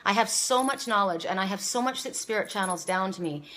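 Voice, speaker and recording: A woman's voice: mid-range voice, brisk, bright, forceful tone. Woman psychic chatting on about spirit stuff, rambly, stumbles over words, teary. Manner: rambling, repeats words, gets tearful. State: emotional, near tears. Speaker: psychic reader. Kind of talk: casual spoken oracle reading. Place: home, seated.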